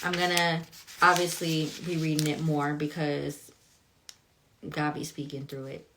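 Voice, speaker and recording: A young adult woman talking casually in a Bible study vlog, animated and chatty, reacting with laughs as she reads. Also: low-pitched, unhurried, slight background noise. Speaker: vlogger reading scripture.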